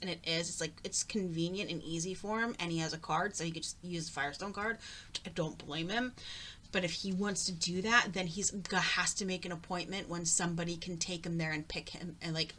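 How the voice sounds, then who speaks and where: A middle-aged woman chats casually at home as a craft vlogger, her voice lowish and a bit bright. She rambles and drifts onto tangents, with slight background noise behind her.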